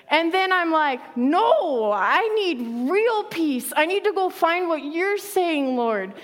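A woman's voice: sits high, big-room sound. A woman pastor preaching a sermon in a conversational way, laughing often and acting out quotes.

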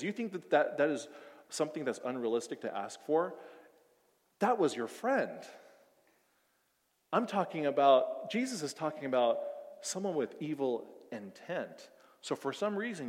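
A man preaching a sermon, acting out everyday scenes, swinging from loud outbursts to soft emphasis. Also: medium pitch, in a large hall. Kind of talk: sermon with acted-out scenarios.

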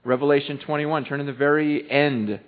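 A male pastor preaching a sermon in church, swinging between loud, impassioned stretches and hushed ones. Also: a little high, fairly quick. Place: church hall. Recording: echoey hall over tinny phone-like audio.

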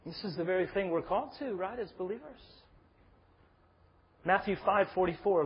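A man's voice: high voice, animated, moderate pace, pauses often, fairly bright tone, a little hiss or hum, poor audio. A man preaching an expository sermon, earnest and building to emphatic stress. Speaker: pastor.

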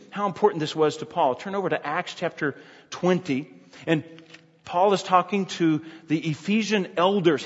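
A man preaching an expository sermon, emphatic, repeating key phrases and often restarting sentences. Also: a little high. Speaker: pastor. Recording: dull sound with long hall reverb.

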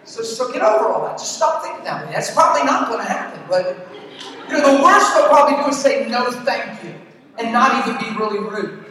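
An extremely high-pitched, expressive man delivers a fast, emphatic sermon in a bit of a bright tone. Questions to the congregation and joking asides pepper his preaching, captured from far away in an echoey large church hall.

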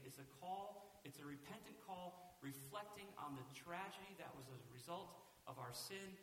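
Male pastor, sermon, conversational with rhetorical questions; somewhat high, bright voice; echoey church hall, heard from afar with faint hiss. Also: moderate pace, few pauses, far from the mic. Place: church sanctuary.

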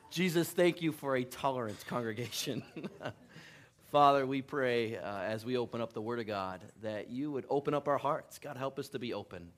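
A middle-aged male pastor giving a casual, joking sermon in church, laughing often and poking fun at himself. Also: medium pitch. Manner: chatty, self-deprecating, laughs often. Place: church sanctuary.

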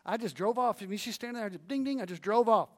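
A man preaching a sermon, earnest and animated, swinging between hushed and loud, with folksy storytelling and asides to the audience. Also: sits high, fast. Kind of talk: sermon on evangelism.

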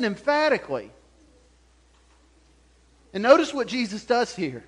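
A man preaching a sermon as pastor, animated, chuckling often and acting out the voices he quotes. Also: high voice, moderate pace, long pauses.

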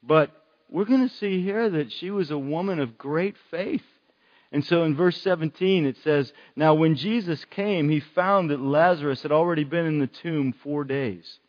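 A man's voice: on the high side, moderate pace, dull audio. A man preaching a sermon in an earnest way, repeating phrases for emphasis.

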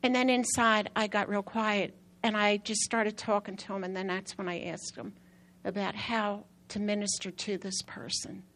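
A woman preacher giving a sermon with personal testimony, an animated storyteller who repeats phrases for emphasis and whose voice climbs high when excited. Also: normal speed, slight background noise.

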